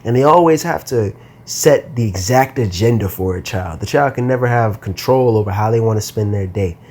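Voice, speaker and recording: A man's voice: fairly low pitch, normal speed, darkish tone. A young man hosting a casual solo podcast, talking in a laid-back, slangy ramble and sounding tired. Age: young adult. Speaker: podcast host.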